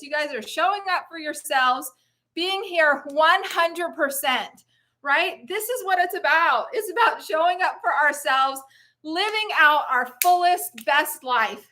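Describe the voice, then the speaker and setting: Upbeat middle-aged woman live-stream host, slow unhurried delivery, slightly winded from jogging. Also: extremely high pitch, bright, forceful tone. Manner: enthusiastic, cheering, laughing often. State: out of breath. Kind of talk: upbeat motivational live chat.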